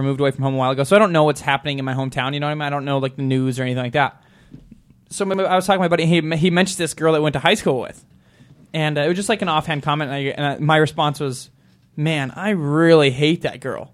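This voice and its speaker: A man tells rambling, animated anecdotes on a talk show and acts out every quote. He talks very quickly in a somewhat high voice. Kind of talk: casual storytelling chat.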